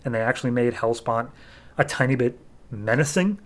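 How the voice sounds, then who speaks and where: A man's voice: mid-range voice, expressive, moderate pace. A man hosting a podcast, giving a casual and sarcastic comic book review full of "like" and loose retellings.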